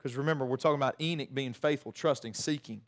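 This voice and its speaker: A middle-aged man, preaching a sermon in a conversational, animated way with many restarts. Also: mid-range voice, fast. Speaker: pastor.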